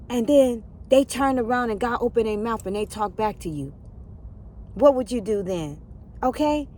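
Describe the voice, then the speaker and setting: A woman retelling a Bible story in a casual, chatty way, with lively asides to her listeners. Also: a little high, slight background noise. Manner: animated, chatty asides to the audience.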